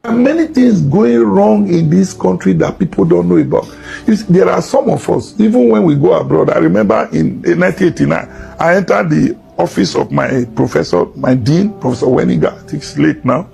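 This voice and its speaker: An older man, an academic, recounting a personal memory in measured storytelling. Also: high-pitched, expressive, gravelly, dark tone. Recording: faint music underneath.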